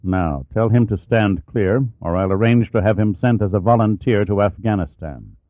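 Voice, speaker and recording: A man voicing a cool, commanding male adventurer who speaks softly with controlled authority. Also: lowish voice, lively intonation, normal speed, dry recording, phone-quality sound, close to an everyday voice. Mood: cold. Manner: soft, controlled, acid.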